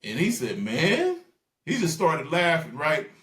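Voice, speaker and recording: A man telling stories in a casual interview, animated and acting out the voices of people he quotes. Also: on the high side, unhurried, echoey room. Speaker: guest.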